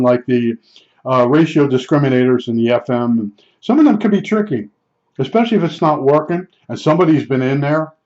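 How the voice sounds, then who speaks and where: An older man rambles through family stories in a casual, talkative way, stopping and restarting often. His voice sits in a middle pitch, and the recording sounds muffled and lo-fi. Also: darkish tone. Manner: rambling, chatty, with fillers and restarts. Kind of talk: casual storytelling. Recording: dull lo-fi recording.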